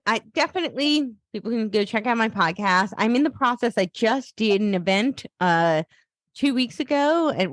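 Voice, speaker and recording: A woman's voice: fairly low pitch, no echo, studio quality. A woman guest on a podcast who talks casually and loosely, with many fillers and restarts. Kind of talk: casual interview talk.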